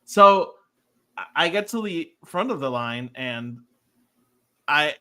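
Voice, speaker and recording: A man's voice: a little high, slow. A man co-hosting a podcast, telling a long casual story and acting out the dialogue in it. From Puerto Rico. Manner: animated, acts out quoted dialogue. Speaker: podcast co-host.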